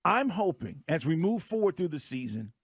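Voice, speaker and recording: A man's voice: fairly high pitch, very animated, moderate pace, dry recording, studio quality. A man co-hosting a sports radio show, talking emphatically and firing off rhetorical questions.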